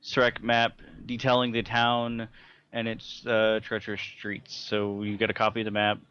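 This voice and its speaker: A man's voice: lowish voice, monotone, measured pace, a bit bright, smooth, lo-fi sound. A young man co-hosting a casual gaming podcast, blunt and joking, swearing casually as he tells stories. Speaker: podcast co-host, dungeon master. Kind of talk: casual chat.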